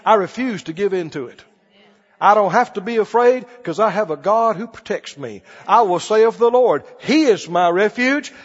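Male preacher, very high voice, animated pitch, emphatic sermon, husky, long hall reverb, dull sound. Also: normal speed. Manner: emphatic, rising to loud declarations.

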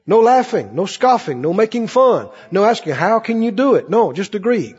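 A man's voice: high-pitched, sing-song, moderate pace, hardly any pauses, darkish tone, slightly rough, in a large hall, dull audio. A male pastor preaching a sermon in a church, acting out the voices of Bible figures as he goes.

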